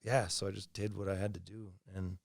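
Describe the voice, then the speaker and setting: A man in his thirties with a low-set voice speaks as a podcast guest. His talk is loose, candid and full of cursing and fillers. The recording is dry and close. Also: level tone, a little fast, gravelly, no room sound. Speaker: podcast guest, former pro snowboarder. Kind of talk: casual interview chat.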